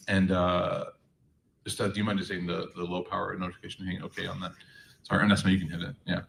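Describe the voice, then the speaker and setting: A man's voice: low voice, fast, gravelly, far from the mic, a little hiss or hum, rough recording. A man giving a faith talk to a live audience, telling humorous stories with lots of fillers. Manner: animated, humorous storytelling, many fillers.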